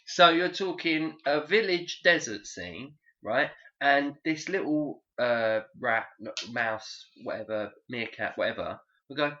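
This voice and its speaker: A man in a loose podcast chat, rambling and joking with plenty of swearing. His voice jumps up and down in pitch and has a bright, forceful edge. The sound is slightly dull and lo-fi. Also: lively intonation, measured pace, hardly any pauses. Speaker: podcast host. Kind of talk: casual chat.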